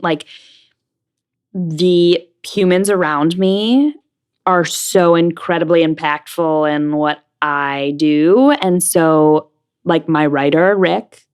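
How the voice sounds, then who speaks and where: Her voice is fairly low, clear, and resonant: a young Broadway actress from the New Jersey/New York area, chatting casually as an interview guest. She's frank and speaks with many fillers.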